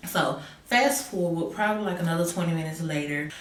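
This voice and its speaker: A woman telling a story in a casual vlog, animated and sassy, jumping from loud exclaims to hushed asides. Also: fairly low pitch, a little fast, recorded from a distance. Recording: echoey room, a bit off-mic, faint hum.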